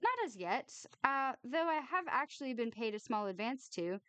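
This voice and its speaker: A woman voicing a reserved young woman who answers with dry, deadpan wit. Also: fairly high pitch, normal speed, smooth, no room sound, pitched above the performer's own voice.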